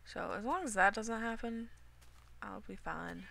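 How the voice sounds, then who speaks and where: A young woman rambles casually through a game session at home, talking to herself as she goes. Her voice is slow and unhurried, bright with a gravelly, fry-edged texture, and she keeps coughing from a lingering illness. A faint hiss sits under the recording. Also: medium pitch. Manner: rambling and chatty, talks to herself while playing. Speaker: gaming video creator. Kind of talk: casual Minecraft commentary.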